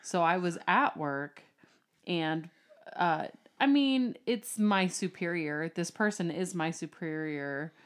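A woman with a fairly low voice co-hosts a casual podcast from a basement studio. She teases and speaks bluntly in a dry tone. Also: slow pace. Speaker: podcast co-host.

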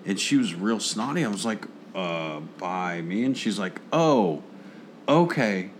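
A man's voice: low-pitched, expressive, normal speed, noisy background. A man in casual chat, rambling through stories and laughing often.

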